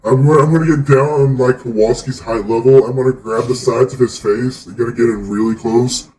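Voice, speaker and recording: A man's voice: mid-range voice, fairly even intonation, brisk, dark tone, distant mic, slight background noise. A man playing his character in an online tabletop game, talking animatedly and playfully. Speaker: player. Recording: roomy mic set back from the speaker.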